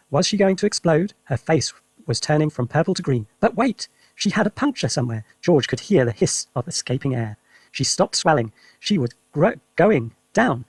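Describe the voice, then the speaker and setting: A man reading a children's story aloud for English learners with lively, expressive narration. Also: fairly high pitch, slightly rough, no echo. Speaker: reader.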